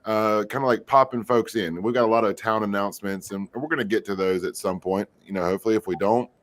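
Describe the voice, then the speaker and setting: A man with a lowish voice hosts a casual morning livestream. He chats loosely and keeps things light, with plenty of fillers along the way. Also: quick pace. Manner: relaxed and chatty, with many fillers. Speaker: host.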